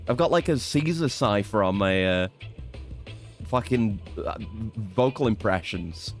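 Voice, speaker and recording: A medium-pitched, sing-song voice at a moderate pace carries this man's casual let's-play commentary over faint music. He wanders through his plans for the next moves, swearing and teasing himself along the way.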